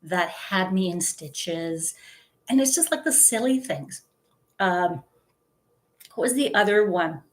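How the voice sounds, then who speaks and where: A woman's voice: fairly low pitch, lively intonation, slow pace, pauses often. A woman in her fifties chatting casually to the camera, telling stories with giggles and lots of fillers. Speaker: vlogger. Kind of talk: casual chat.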